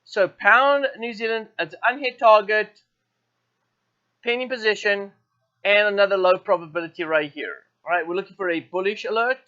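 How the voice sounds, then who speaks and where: A man hosting a live trading show, thinking aloud through currency charts with many fillers and quick self-corrections. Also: high voice, pushed and bright, dull audio. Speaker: forex trading show host. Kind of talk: live market walkthrough.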